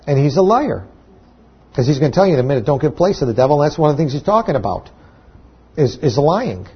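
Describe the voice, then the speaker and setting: A pastor delivers a sermon in a husky, raspy voice that sits a bit high for a man. He talks conversationally, stumbling into restarts and then climbing to emphatic peaks. The recording sounds dull and lo-fi. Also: very animated, fast talker.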